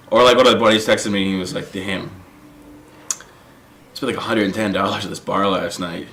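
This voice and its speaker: A man's voice: on the low side, fairly even intonation, fairly quick, pauses often, a bit bright, a little hiss or hum. A young man, a stand-up comedian, chatting casually on a podcast, acting out quotes and laughing often.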